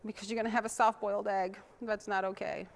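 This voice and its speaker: A woman's voice: mid-range voice, flat delivery, fast. A woman hosting a casual cooking demonstration, chatting to viewers in a homey way while she chops and mixes, sometimes drifting away from the mic. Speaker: cooking show host.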